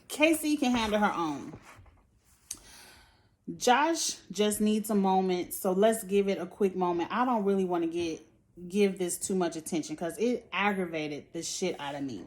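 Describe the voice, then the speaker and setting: A woman's voice: medium pitch, measured pace, darkish tone. A woman giving a casual, blunt recap of a reality TV episode. She speaks with sass, cusses and laughs often. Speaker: reality TV reviewer. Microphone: phone or tablet setup.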